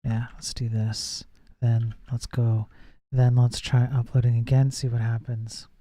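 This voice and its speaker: Coding on a live stream, a man chats with viewers and reads their messages, often trailing off and starting his thoughts over. He speaks a little slowly in a medium-pitched, warm, flat voice with no echo, and he mentions that it turns nasal when he projects.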